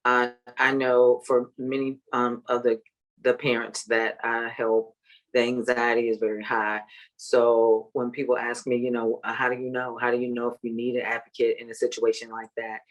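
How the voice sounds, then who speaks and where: A woman who works as a parent advocate, talking in a measured way with many fillers. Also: a bass voice, little pitch movement, muffled recording. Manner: measured, full of "um" and "you know". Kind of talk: casual chat.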